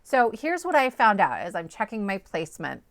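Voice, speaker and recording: A woman's voice: mid-range voice, big pitch swings, moderate pace, a bit bright, no echo. Chatty craft tutorial woman, dry close voice. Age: adult, parent of small children. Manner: chatty, upbeat, checks in with "okay?" and "right?". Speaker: card-making tutorial host.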